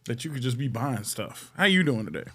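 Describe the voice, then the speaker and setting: A man's voice: mid-range voice, sing-song, brisk, bright, forceful tone. A man hosting a comedy podcast, chatting loosely and ranting with profanity and jokes. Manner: loose, profane, joking rants. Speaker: podcast host. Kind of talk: casual comedic podcast chat.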